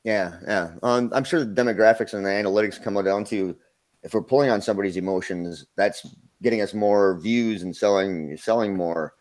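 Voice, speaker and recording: A man from Minnesota hosts a casual live-stream chat. His voice sits a little low, and he talks in a laid-back, rambling way with frequent chuckles. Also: normal speed, darkish tone. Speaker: host.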